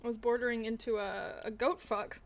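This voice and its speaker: Sarcastic, profane woman streamer, high voice. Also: fairly even intonation, a little fast. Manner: sarcastic, profane, swings from mutters to loud rants. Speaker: political streamer. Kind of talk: casual livestream commentary.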